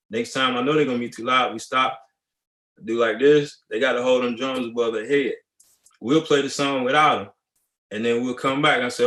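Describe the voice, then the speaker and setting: A male high school band director giving a relaxed, conversational masterclass talk, acting out students' replies. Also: normal speed. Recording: echoey room.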